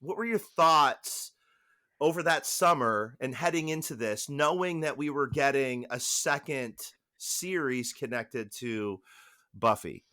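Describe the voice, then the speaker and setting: An enthusiastic man hosting a casual podcast, his voice bright and forward. He rambles a little and restarts his sentences as he chats. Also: medium pitch, a little slow, no room sound, studio quality. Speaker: podcast host.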